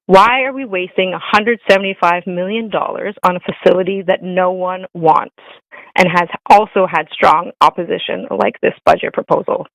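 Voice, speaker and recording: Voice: mid-range voice, normal speed, creaky, fairly bright tone, no room sound, low-quality recording. A speaker giving an indignant prepared public comment at a council meeting, hammering the same point again and again.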